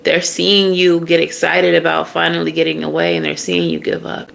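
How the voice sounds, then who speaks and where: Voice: mid-range voice, little pitch movement, normal speed, vocal fry, fairly bright tone. A tarot reader giving a casual, blunt, profane reading straight to the listener.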